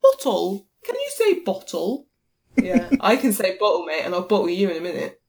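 A woman's voice: mid-range voice, wildly swooping pitch, normal speed, darkish tone. A cheeky mock-cockney bloke barks out his lines in a broad, exaggerated London accent, put on by a woman. He is hammy and over the top, half playful and half threatening, like a silly podcast bit. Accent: exaggerated fake London.

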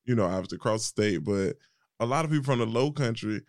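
A man's voice: lowish voice, expressive, fast talker, dry recording, clean studio sound. Country-twanged South Carolina man host. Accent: rural South Carolina twang. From Johnston, South Carolina. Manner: enthusiastic, chatty. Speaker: podcast host. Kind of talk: conversational interview.

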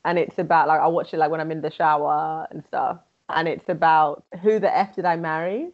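A woman's voice: deep voice, steady tone, brisk, dull audio. A young woman co-hosting a podcast in casual chat, full of "like" fillers. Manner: casual, many "like" fillers, laughs often. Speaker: podcast co-host.

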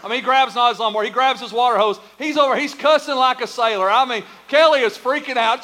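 A middle-aged man preaching with a notably high voice. He tells homespun stories with lively humor, then eases into a softer, earnest teaching voice. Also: a little fast, slight background noise. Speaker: pastor. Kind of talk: storytelling sermon.

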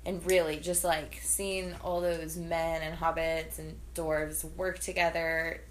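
Woman, young adult, lowish voice, gushing podcast co-host, faint noise underneath. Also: flat delivery, slow pace, poor audio. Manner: gushing, emphatic storyteller. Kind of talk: casual chat.

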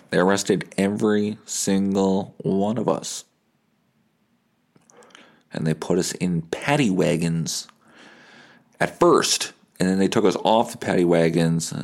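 A man hosting a podcast, telling a profane, laughing story from his bed and acting out the people in it. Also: sits low. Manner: profane, laughing, animated anecdote with voice impressions. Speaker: podcast host. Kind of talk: casual storytelling.

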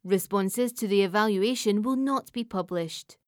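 A woman reading a government survey aloud in a measured, even way. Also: mid-range voice, no echo, clean studio sound. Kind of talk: scripted narration.

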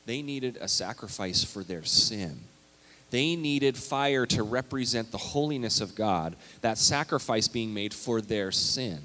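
A male pastor preaching a sermon, animated and emphatic, reading scripture aloud with big swings in loudness. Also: lowish voice, a little slow. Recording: long hall reverb.

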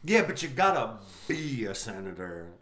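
A man's voice: mid-range voice, very animated, normal speed, a bit bright. A man co-hosting a casual comedic movie recap, riffing and swearing freely. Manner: riffing, acts out characters in quotes, frequent swearing. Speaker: podcast co-host.

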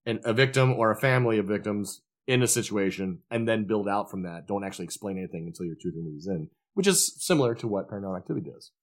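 A man's voice: fairly low pitch, rapid-fire, few pauses. A man co-hosting a podcast, chatting casually about horror films and acting out characters' lines. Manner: animated, acts out characters' lines in quoted voices. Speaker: podcast co-host. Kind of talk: casual film review chat.

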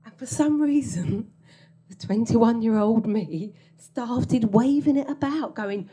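A woman's voice: on the high side, takes it slowly, warm tone, breathy edge. A woman telling a comic story from her own life on stage, wry and self-mocking, often laughing through her lines.

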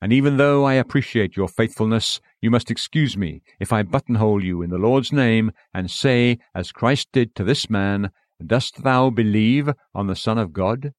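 A man's voice: fairly low pitch, no room sound, studio quality. A man reading an old sermon aloud in an earnest, pleading, emphatic manner. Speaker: preacher.

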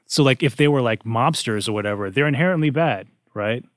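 A man's voice: mid-range voice, lively intonation, a little fast, no room sound, studio quality. A man co-hosting a casual comedy panel, rambling with many restarts and fillers. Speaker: podcast co-host. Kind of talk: casual discussion.

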